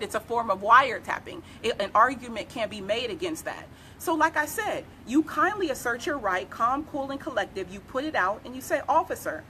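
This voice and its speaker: A woman's voice: fairly high pitch, sharp tone, slight background noise. A woman attorney giving emphatic live advice, repeating key phrases as she explains. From United States. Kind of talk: live legal advice talk.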